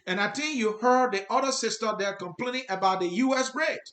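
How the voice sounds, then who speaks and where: In an echoey, roomy recording, a Liberian-accented host talks earnestly to his viewers and repeats himself to drive points home. He has a high voice that moves fairly quickly and carries a slightly bright quality.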